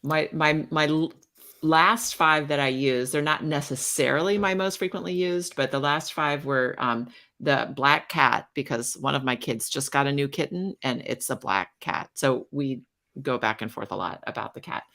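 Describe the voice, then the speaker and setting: Bright gravelly-voiced woman co-host. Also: a bass voice, normal speed. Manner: friendly, laughs while talking. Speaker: podcast co-host. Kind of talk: casual chat.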